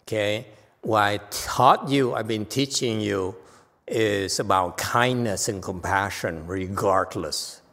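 A man's voice: on the low side, slow pace, creaky, a bit bright. A man giving a dharma talk as a Chan master, stern yet teasing, laughing at his own jokes. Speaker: Chan master teaching students. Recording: long reverb of a hall.

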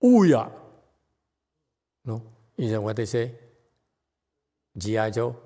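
A man's voice: fairly low pitch, little pitch movement, measured pace, a little mellow, in a large hall. A man teaching a sutra class as a Buddhist teacher, playful and laughing often between points.

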